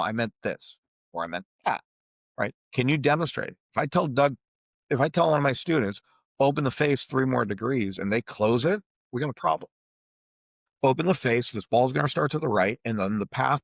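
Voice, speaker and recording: A man with a Boston accent, a golf coach explaining ideas in an animated way on a podcast over a video call. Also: mid-range voice, no echo. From Boston area, USA.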